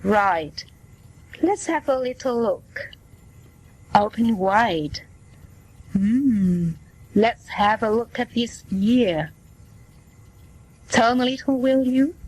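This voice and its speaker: A woman's voice: fairly high pitch, animated, darkish tone, husky, full character voice, rough recording. A woman reading as a kindly family doctor. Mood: reassuring. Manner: slow, plain reading voice. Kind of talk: scripted dialogue for learners.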